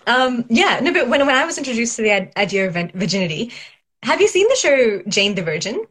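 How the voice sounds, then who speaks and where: A young woman with a mid-pitched, everyday voice co-hosting a casual podcast. She questions ideas head-on and wanders through her points with "um" and "like.". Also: very animated, brisk, a bit bright, slightly rough. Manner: conversational, asks probing questions, rambles with fillers. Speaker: podcast co-host. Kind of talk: casual chat.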